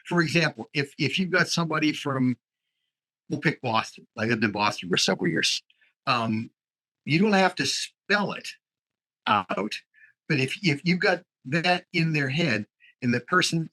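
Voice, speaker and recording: A man talking casually on a writers' roundtable, his voice bright and fairly high for a man. He tells stories in an easy, unhurried way and slips into quick impressions of how people talk. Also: low-quality recording. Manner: relaxed storyteller, acts out accents in quotes. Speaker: crime novelist on a panel.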